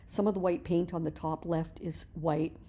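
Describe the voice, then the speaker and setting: A middle-aged woman teaching mixed-media painting in a relaxed, chatty voice-over, explaining each step as she works and often restarting her words. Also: sits low, moderate pace. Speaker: art teacher.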